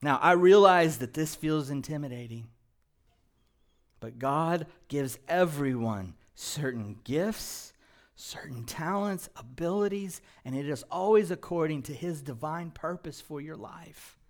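A male pastor preaching a sermon in a church, moving from quiet, low passages to loud, emphatic ones. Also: expressive, a little slow. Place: church sanctuary.

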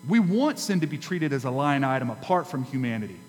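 A man preaching a sermon as pastor, emphatic, with dramatic pauses and rises in his delivery. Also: medium pitch, very animated. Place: church sanctuary. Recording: hall reverb with faint mains hum.

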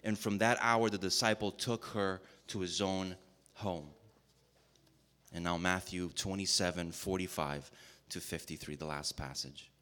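A man with a very deep voice reads scripture in a measured, reverent manner. He slows down on key phrases and drops to a quieter voice whenever he announces the next passage. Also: fairly even intonation. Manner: measured, reverent reading with slowed emphasis. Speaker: scripture reader. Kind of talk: solemn Bible reading.

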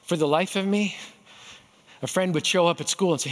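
A middle-aged pastor delivering a sermon with a notably high-pitched voice. He tells stories in an animated way and often slips into other people's voices to act them out. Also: brisk, pauses often.

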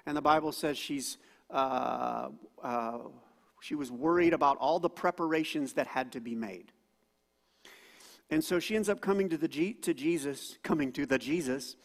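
A man preaching a sermon as pastor, animated and acting out quoted voices loudly. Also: fairly high pitch. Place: church auditorium. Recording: long hall reverb.

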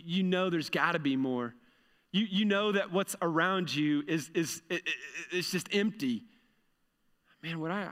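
A middle-aged man preaches in an earnest, conversational way, repeating phrases for emphasis. His voice sits a little high for a man. A long reverb trails each phrase, as if he were recorded in a large hall. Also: fairly bright tone. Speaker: pastor. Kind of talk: sermon.

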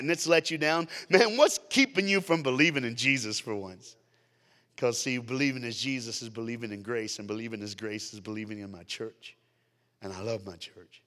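An American man giving an energetic youth sermon as a guest preacher, animated and laughing often, swinging from hushed lines to loud ones. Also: medium pitch. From United States. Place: large church hall. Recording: long hall reverb.

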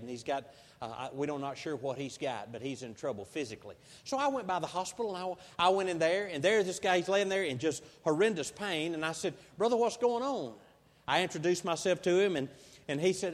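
A preacher with a high voice tells his stories in a homespun, folksy way. He swells into loud, emphatic passages as he drives each point home. His voice carries through a big church hall with a long, ringing reverb. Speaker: pastor. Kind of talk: sermon.

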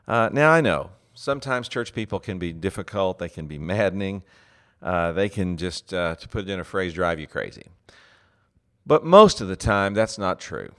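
A middle-aged male pastor with a deep, low voice speaks in an earnest, heartfelt manner. He gives a reflective teaching talk and pauses often on small fillers as he gathers his thoughts. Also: a bit bright. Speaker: pastor and ministry leader.

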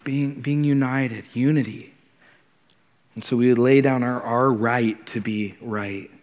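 A man's voice: medium pitch, fairly even intonation, a little slow, a little mellow. Earnest male pastor in a reverberant sanctuary. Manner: earnest, conversational, repeats words when starting a thought. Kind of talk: sermon. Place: church sanctuary. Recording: long hall reverb.

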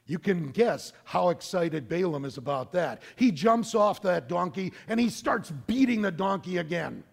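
A middle-aged man preaching a sermon, telling a story in an animated, conversational way. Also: on the high side, vocal fry. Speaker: pastor.

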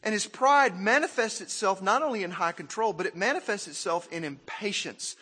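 A man from Arkansas, preaching a sermon in an animated, self-mocking way and asking the crowd questions. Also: high-pitched, normal speed, husky, big-room sound. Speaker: pastor.

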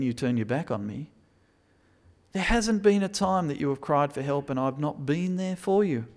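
A man preaching a sermon, moving between quiet reflection and loud, emphatic pleading. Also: a little high.

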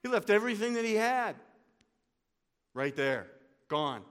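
Male pastor, sermon delivery, hushed-to-loud swings, long church reverb. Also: high voice, very animated, a little slow, smooth.

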